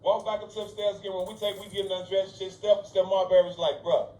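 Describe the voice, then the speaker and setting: A man with a slightly high voice tells a personal story in casual, emotional bursts, swearing freely and turning often to speak to his listeners. The sound is roomy and echoey, as if captured in an open room on a live stream. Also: level tone, fast, a little mellow, slight background noise. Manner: emotional, profane, conversational, often addresses listeners directly.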